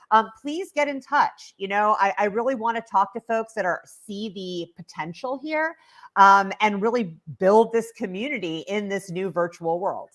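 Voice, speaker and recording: Woman guest on a live online panel, animated promoter, casual fillers. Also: mid-range voice, moderate pace. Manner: enthusiastic, promotional, many filler ums. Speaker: guest speaker. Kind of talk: livestream panel interview. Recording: online video call.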